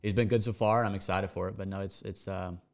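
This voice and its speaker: Hesitant man, low voice, casual chat. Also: steady tone, fast. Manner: hesitant, many fillers and restarts. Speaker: race car driver, guest.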